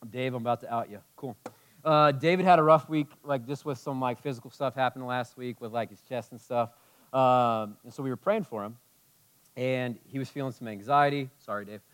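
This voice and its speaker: A man preaching a sermon as a pastor, impassioned, moving between loud emphasis and hushed tenderness. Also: medium pitch, moderate pace, clear, resonant tone.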